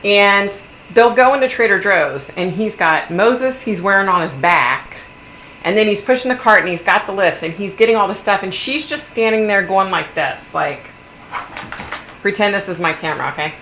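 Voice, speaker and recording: Blunt, gravelly woman chatting. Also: mid-range voice, moderate pace. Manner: animated, blunt, swears. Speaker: livestream host. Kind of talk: casual gossipy chat. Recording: echoey room, faint hum.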